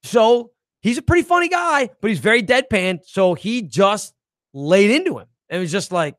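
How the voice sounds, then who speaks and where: A man's voice: sits high, measured pace, no echo, studio quality. A man hosting a podcast in casual chat, telling stories and acting out the people in them. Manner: animated storyteller, acts out voices in quotes. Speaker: podcast host.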